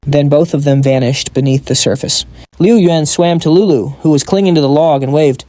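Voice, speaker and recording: A man giving brisk scripted narration of a comic recap. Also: on the high side, warm tone, no room sound.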